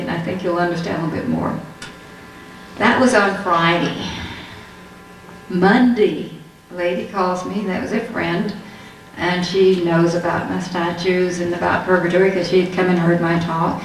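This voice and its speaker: A woman's voice: lowish voice, recorded from a distance, slight background noise. Woman telling a story in an echoey hall. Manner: storytelling, acts out quoted dialogue. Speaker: speaker giving a testimony. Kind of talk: religious testimony talk. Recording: echoey hall, heard from afar.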